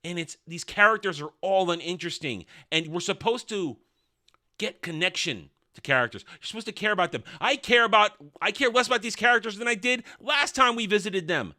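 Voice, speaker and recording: A man's voice: sits high, lively intonation, a little fast, pushed and bright. A man reviewing a TV episode in an opinionated monologue, blunt, sarcastic and dismissive. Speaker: TV show reviewer.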